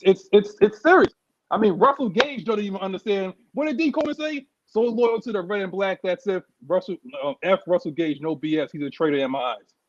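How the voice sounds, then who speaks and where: A man's voice: high-pitched, no echo, dull audio. A man from New York, co-hosting a sports show, talking in a heated, emphatic way and often repeating himself. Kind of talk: heated casual sports talk.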